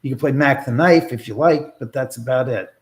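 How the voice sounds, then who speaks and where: A livestream host and filmmaker chats casually with his viewers, rambling and joking with many restarts and asides. His voice is medium-pitched and fairly quick.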